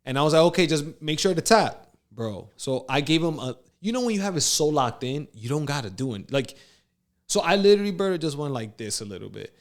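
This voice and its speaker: A man co-hosting a casual podcast, telling a story with lively acted-out quotes and frequent laughs. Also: on the high side, fairly quick. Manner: animated storyteller, acts out quotes, laughs often. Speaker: podcast co-host.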